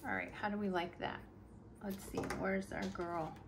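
A middle-aged woman talks casually to her viewers at home as she decorates a planner. She tells a story with lively bursts and drifts into quiet murmurs over her crafting. Faint household noise sits behind her voice. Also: mid-range voice, normal speed. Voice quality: animated, chatty, drops to murmurs while working. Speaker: planner vlogger.

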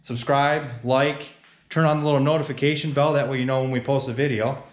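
A man's voice: medium pitch, a little fast. A man co-hosting a garage build vlog, chatting casually and rambling with lots of ums in his workshop. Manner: relaxed, rambling with many ums. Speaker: YouTube garage builder co-host. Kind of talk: casual shop vlog talk. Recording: echoey garage room.

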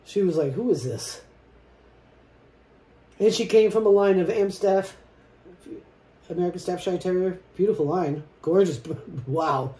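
A woman vlogger chatting casually while she paints, soft-spoken and reflective, often trailing off mid-sentence. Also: lowish voice, normal speed. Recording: roomy echo with faint noise.

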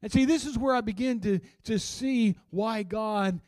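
A male pastor preaching a sermon in a church, telling stories in a folksy, animated way with asides to the congregation. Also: high-pitched, measured pace, no echo, clean studio sound.

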